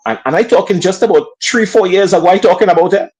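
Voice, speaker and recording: A man's voice: high-pitched, fast, poor audio. A man in his fifties with a Grenadian accent, a sports commentator telling stories as a guest on a talk show. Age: 50s. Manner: lively storyteller acting out quoted voices. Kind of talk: animated storytelling in an interview.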